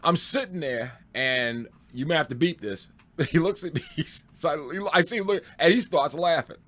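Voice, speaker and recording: A man, a stand-up comedian, telling road stories in a loose, excitable way, laughing and swearing as he goes. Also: a little high, normal speed. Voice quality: excitable, swears freely, laughs through punchlines. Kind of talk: animated storytelling.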